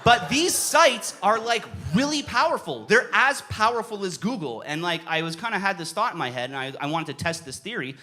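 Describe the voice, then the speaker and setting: A young man doing stand-up in a comedy club, his voice bright and higher than most men's. He swings his pitch all over the place and breaks into sudden yells when he acts out his stories. Audience laughter rises behind him. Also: moderate pace, few pauses. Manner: animated, yelling bursts in acted-out stories.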